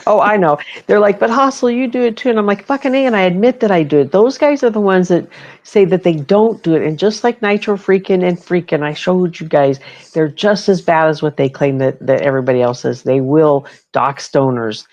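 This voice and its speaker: A woman's voice: sits low, normal speed, dry recording, dull audio. A woman hosting a livestream, chatting in a gossipy, profane way. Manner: gossipy, profane, animated retelling. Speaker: streamer host. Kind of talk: casual livestream chat.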